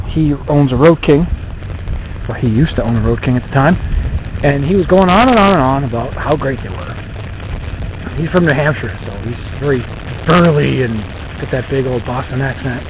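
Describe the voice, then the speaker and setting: Rambling man with a slightly high voice. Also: background noise. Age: 30s. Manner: rambling, self-deprecating, many fillers. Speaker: vlogger. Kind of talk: casual storytelling monologue.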